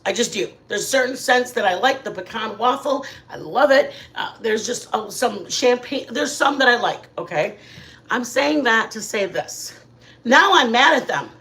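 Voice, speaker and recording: A middle-aged woman hosting a casual livestream from her living room, telling rambling, animated stories to her chat. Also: on the high side. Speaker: channel host.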